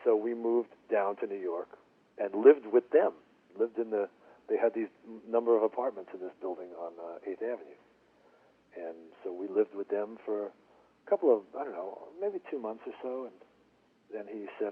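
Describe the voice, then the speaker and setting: A man's voice: fairly low pitch, moderate pace, slightly rough. A man, a guitarist guest on a radio interview, telling stories and acting out what people said. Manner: animated storyteller acting out quotes. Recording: phone-line audio.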